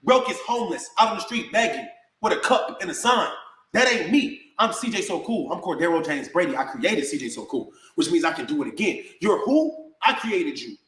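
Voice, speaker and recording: A man's voice: high-pitched, very animated, brisk, a bit bright. Fired-up guy ranting and calling people out, slangy, roomy echo. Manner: angry, confrontational, slangy. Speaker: online personality. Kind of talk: heated direct-to-camera rant.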